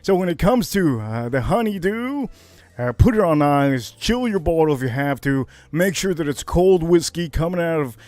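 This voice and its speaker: A man from Miami hosting a casual whiskey livestream, brash and hyped, jumping to high shouts on catchphrases. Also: lively intonation, moderate pace, no echo. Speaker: livestream host reviewing whiskey.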